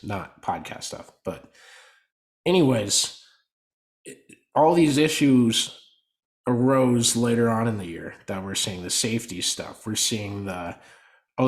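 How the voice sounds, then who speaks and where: A man co-hosting a casual motorsport podcast. He talks in an animated way and his volume swings up and down. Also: medium pitch. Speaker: podcast co-host. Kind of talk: casual sports podcast chat.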